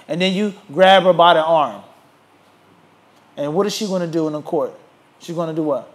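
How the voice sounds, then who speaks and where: A man teaching a religious class, emphatic and animated, who keeps asking his listeners rhetorical questions and waits for them to answer. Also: fairly high pitch, normal speed, long pauses. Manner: rhetorical questions asked to the audience. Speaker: Islamic teacher.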